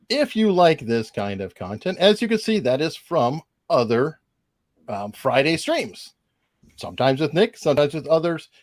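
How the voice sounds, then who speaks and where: A man hosting a casual legal panel over a video call, animated and joking. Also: medium pitch, dry recording. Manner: animated, laughing, quick asides. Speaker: host.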